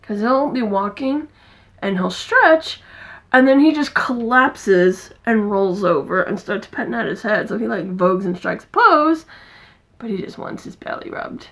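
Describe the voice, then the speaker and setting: A woman chatting casually to camera from her home. She rambles through her story and breaks off to coo at her cats in a high sing-song. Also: lively intonation, unhurried, fairly bright tone. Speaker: crafting vlogger.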